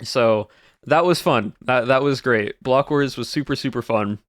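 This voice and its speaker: A man's voice: medium pitch, measured pace, no room sound, studio quality. A male streamer chatting casually to his chat as he recaps the year, rambling and repeating words. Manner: rambling, repeats words, trails off mid-sentence.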